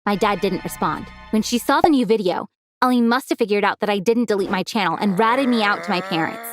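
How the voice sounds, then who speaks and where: A woman narrating a scripted first-person storytime in a brisk, expressive way, over clear background music. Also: medium pitch.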